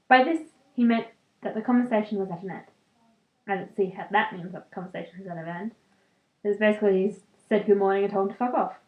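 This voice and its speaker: A woman's voice: mid-range voice, fast talker, reverberant, narrow, tinny audio. A young woman, a student, casually reading a book aloud and breaking off for chatty, giggly asides full of fillers.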